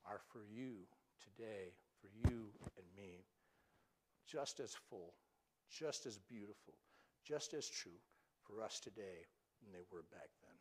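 A male pastor preaching a sermon, telling Bible stories with animated, acted-out quotes and some stammered restarts. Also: on the low side, a little slow, a little hiss or hum.

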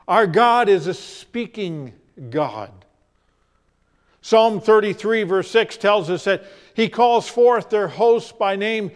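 A man preaching a sermon, telling stories and repeating phrases for emphasis, shifting between loud and hushed delivery. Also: sits high, animated. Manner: dramatic storytelling with pauses, acts out quoted voices.

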